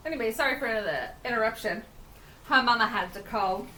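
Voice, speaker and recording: A woman's voice: fairly high pitch, fairly quick, sharp tone, recorded from a distance. A woman co-hosting a podcast, chatting casually and animatedly, who swears freely and acts out quotes. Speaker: podcast co-host. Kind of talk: casual chat. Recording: roomy, from off-mic, faint room noise.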